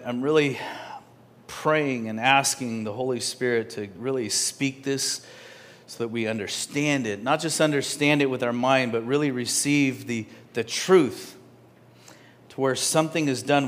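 A man preaching a sermon in a church, talking to the congregation in a conversational way that swings from loud and emphatic to soft, almost whispered. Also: mid-range voice. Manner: conversational, with restarts and asides to the congregation. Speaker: pastor.

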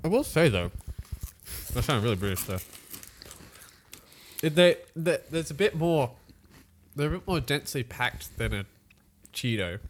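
A man's voice: medium pitch, animated, moderate pace, long pauses. A young man co-hosting a casual podcast, chatty and laughing, often trailing off mid-sentence. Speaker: podcast co-host.

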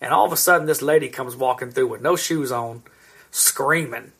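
Husky yet a bit bright, his fairly high-pitched voice moves fairly quickly. In his thirties, he co-hosts a podcast and loves a long, rambling story during casual chat, swearing freely throughout.

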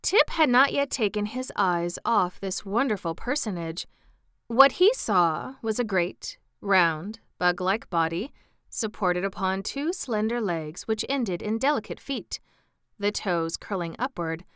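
A woman narrating a classic storybook in an even, measured reading. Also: medium pitch, clear, resonant tone, no echo, clean studio sound.

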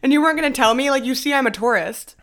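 A woman co-hosting a casual book podcast, chatty and quick to laugh, asking her co-host questions. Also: high-pitched, fairly bright tone.

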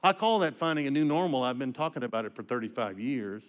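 An older man preaching a sermon, telling his story with emotion and swinging from hushed to emphatic. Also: mid-range voice, expressive, fast talker.

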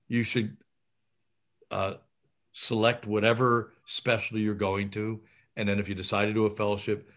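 A man's voice: fairly low pitch, a bit bright. A middle-aged man, a surgeon, gives career advice in an interview, talking animatedly with many fillers and restarts.

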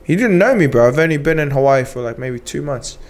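A man, a podcast guest recounting events in a relaxed, agreeable way. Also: medium pitch, brisk. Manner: relaxed, agreeable, says "bro" often. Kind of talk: casual chat.

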